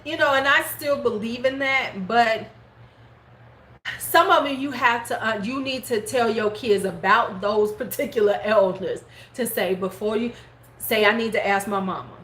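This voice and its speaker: Middle-aged woman vlogger, lively storyteller who cusses and acts out family voices, slightly high voice, echoey room. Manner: animated, swears freely, acts out relatives' words. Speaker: beauty vlogger hosting a live stream. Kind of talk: casual storytelling chat. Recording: roomy echo, faint background noise.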